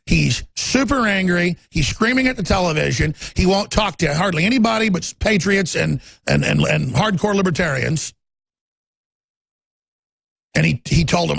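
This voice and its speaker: A man hosting a talk radio show, ranting with passion and swinging between loud outbursts and low muttering. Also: animated, brisk, gravelly, slightly rough, no echo.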